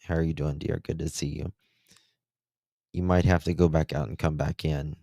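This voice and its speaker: A man hosting a casual livestream, rambling slowly and thinking aloud. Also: a bass voice, flat delivery, gravelly, warm tone, no room sound. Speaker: livestream host.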